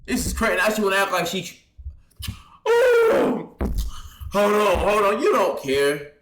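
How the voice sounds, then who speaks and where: A man's voice: high voice, brisk, echoey room, noisy background. A man hosting a reaction video, giving blunt, heated commentary in street slang. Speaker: reaction channel host.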